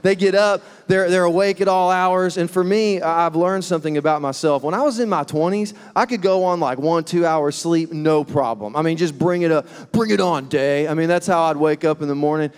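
A pastor in his thirties delivers a sermon, sharing a funny family story and laughing at himself as he acts out the quotes. His voice is on the high side, brisk and smooth, with few pauses. A large hall gives it a long reverb.

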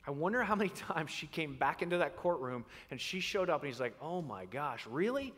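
Pastor, man, bright and high-pitched, animated storyteller, reverberant sanctuary. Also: fast. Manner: animated storyteller, acts out voices. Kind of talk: sermon. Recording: long reverb in a large hall.

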